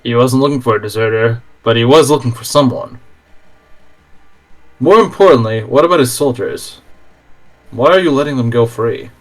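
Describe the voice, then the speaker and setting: A man plays a blunt, loyal soldier companion with a matter-of-fact delivery in a mid-pitched voice. This is fan voice acting for a game. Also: moderate pace, pauses often, close to an everyday voice, rough recording. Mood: concerned.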